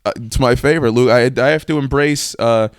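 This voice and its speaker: Young dude cracking jokes on his podcast, laughs a lot, smooth clear voice, dry mic. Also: medium pitch, brisk, no room sound. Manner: joking, laughs often. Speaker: podcast co-host. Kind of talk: casual chat.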